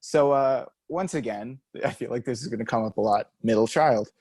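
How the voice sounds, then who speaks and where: A man's voice: medium pitch, moderate pace, a little mellow, husky, no echo. A young adult man co-hosting a podcast, telling rambling stories in casual chat and laughing often. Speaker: podcast co-host.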